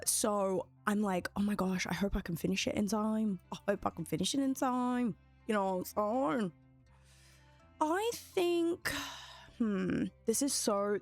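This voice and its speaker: Young woman streaming, talks to chat nonstop, voice jumps all over, soft music under it. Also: medium pitch. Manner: chatty, excitable, talks to her viewers. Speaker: game streamer. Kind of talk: casual live-stream commentary.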